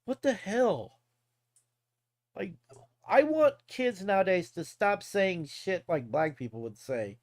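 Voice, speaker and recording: Lively, profane middle-aged man ranting. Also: high-pitched, slow pace, dry recording, studio quality. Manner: profane, rambling, laughs often. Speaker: live streamer. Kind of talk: casual rant.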